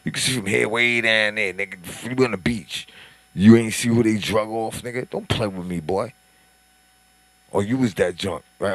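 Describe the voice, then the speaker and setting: A man delivers a casual commentary monologue. He is profane and animated, and he keeps building into indignant, mocking rants. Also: fairly low pitch, normal speed, no room sound.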